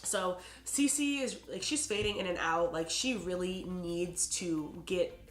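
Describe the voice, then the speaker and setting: A woman's voice: fairly low pitch, takes it slowly, faint music behind. A woman giving a casual recap of a TV episode, talking in a chatty way full of "like" and "you know". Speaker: TV episode reviewer. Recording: roomy echo.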